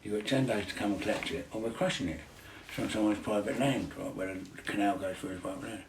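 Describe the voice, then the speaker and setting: A gravelly-voiced middle-aged man tells his stories in loose chat, swearing freely and laughing as he goes. He sounds set back from the mic in an echoey room, with faint noise behind him. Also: on the low side, fast talker, recorded from a distance. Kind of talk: casual storytelling.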